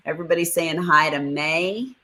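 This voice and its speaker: Here a woman runs a relaxed livestream, calling out viewers by name as she goes through their comments. Her voice is low with a sharp tone, and the recording quality is poor.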